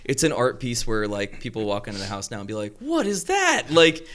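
A man's voice: lowish voice, quick pace. A man chatting casually on a podcast, telling a long story and acting out the people in it. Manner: animated storyteller who acts out quoted voices. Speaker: podcast co-host. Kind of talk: casual chat.

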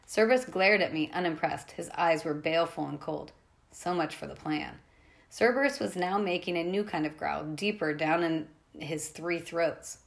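A woman's voice: sits low, normal speed, gravelly. A woman reading a novel aloud in a plain way, with small slips and restarts. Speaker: reader.

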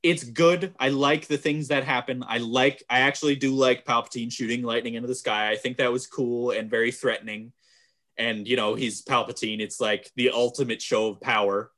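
A man in casual conversation about movies, recapping scenes with loud, animated exclamations and frequent laughter. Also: medium pitch, normal speed. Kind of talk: casual chat.

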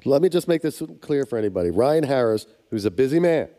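A man's voice: mid-range voice, lively intonation, quick pace, mellow. A man co-hosting a podcast in casual chat, playful and teasing in a mock-dramatic way. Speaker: podcast co-host.

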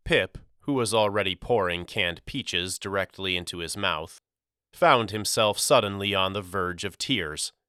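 A man narrating an audiobook in a measured, deliberate storytelling manner. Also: deep voice, bright, forceful tone, clear, resonant tone, no room sound, studio quality. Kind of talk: scripted narration.

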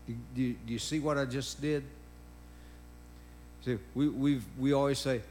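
A man's voice: medium pitch, slight background noise. A man preaching a sermon, emphatic and repetitive, breaking in with praise interjections. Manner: emphatic, drawn-out preaching with repeated phrases and interjections.

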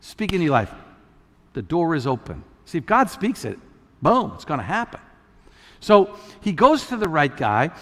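A man preaching a sermon as a pastor, conversational with many restarts, building to loud emphatic peaks. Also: high-pitched, very animated, moderate pace, long pauses, in a large hall.

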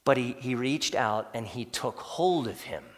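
A man's voice: mid-range voice, measured pace. A man preaching a sermon as pastor, talking conversationally and often addressing listeners as folks. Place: church sanctuary. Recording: long hall reverb.

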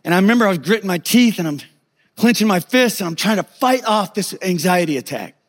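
A man preaching a sermon as a pastor, telling a personal story in an animated, humorous way. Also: high-pitched, brisk.

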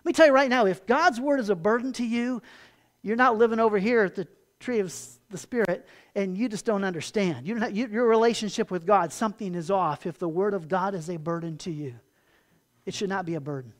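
A pastor giving a sermon in a conversational way, repeating words, getting loud for emphasis and then dropping quiet. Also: male voice, high voice, fairly quick.

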